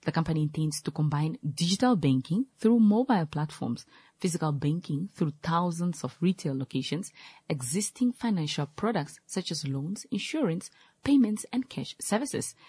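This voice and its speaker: A woman anchoring a studio news show, her voice a touch low and husky in a dry, close sound. She reads her items and questions her guest in a loose way, stopping to correct herself as she goes. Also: a little mellow, no room sound. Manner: loose, self-correcting delivery. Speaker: news presenter. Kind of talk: studio news presenting and interview.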